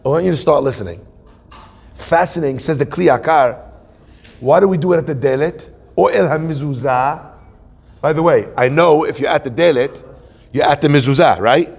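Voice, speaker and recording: A man's voice: fairly high pitch, fairly quick, gravelly, a little mellow, husky. A man in his forties, a rabbi, giving a joking, conversational sermon and asking the audience questions. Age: 40s. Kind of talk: humorous sermon. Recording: long hall reverb.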